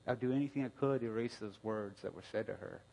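Husky man preaching in a reverberant hall. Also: on the low side, fast. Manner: storytelling, conversational, many restarts, bursts of loud outrage. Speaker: pastor. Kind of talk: sermon.

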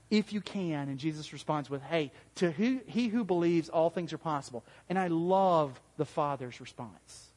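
A high-voiced man preaching an interactive sermon. He talks in a conversational way, asks the room questions and acts out quoted voices with big jumps. His voice rings with a long hall reverb. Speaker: pastor.

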